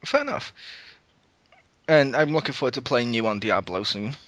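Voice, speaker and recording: A man hosts a casual gaming podcast, chatting excitedly, laughing a lot and swearing loosely. His voice is mid-range at a moderate pace, with no room sound.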